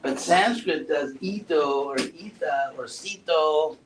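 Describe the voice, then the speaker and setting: A man giving a relaxed classroom talk, asking his students questions and adding playful asides. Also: a little high, takes it slowly. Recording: roomy echo, far from mic, faint noise.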